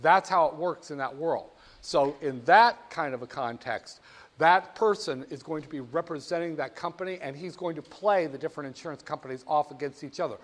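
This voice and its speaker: A male lecturer giving a classroom lecture in a lively, jokey way, speaking straight to his students. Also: on the high side, a little fast.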